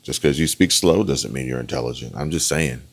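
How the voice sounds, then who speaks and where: Super deep voiced guy doing rambly opinionated reaction commentary, keeps saying okay?. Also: fairly quick. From United States. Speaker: online political commentator. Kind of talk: reaction commentary on a debate clip.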